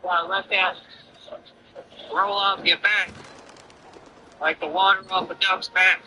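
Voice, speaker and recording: A man's voice: high voice, little pitch movement, slow pace, sharp tone, a little hiss or hum, low-quality recording. A man streamer ranting defiantly and boastfully over his gameplay. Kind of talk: livestream rant over gameplay.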